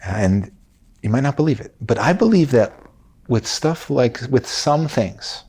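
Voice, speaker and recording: A man's voice: mid-range voice, animated, a little slow, darkish tone, husky. A male podcast host who asks questions hesitantly, restarts his sentences and chimes in often. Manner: hesitant, backchannels a lot, laughs easily. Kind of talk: casual interview chat.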